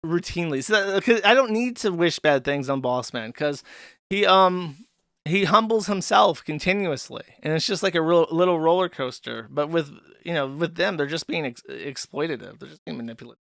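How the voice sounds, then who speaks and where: A man's voice: a little high, fairly bright tone, no room sound, clean studio sound. A man hosting a stream commentary, ranting sarcastically with lots of swearing and filler words. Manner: profane, sarcastic, frequent fillers. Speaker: commentary host.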